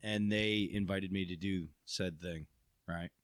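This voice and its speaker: A man's voice: low voice, steady tone, a little slow, clear, resonant tone, dry recording, studio quality. A man hosting a podcast, telling a crude story in casual banter and laughing often.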